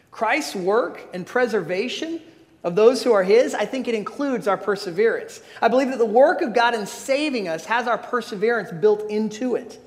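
A pastor preaching a sermon, earnest and emphatic, often restarting his phrases. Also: sits high. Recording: long hall reverb.

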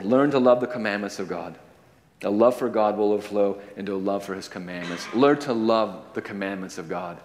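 Male pastor, sermon, mid-pitched voice, long hall reverb, swings from fervent highs to hushed lows. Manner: impassioned, rising to high emphatic peaks then dropping low.

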